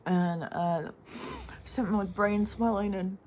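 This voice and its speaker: A woman's voice: mid-range voice, fairly even intonation, unhurried, darkish tone, slight background noise. A middle-aged woman vlogging an emotional, unscripted rant, rambling, swearing and sighing between thoughts.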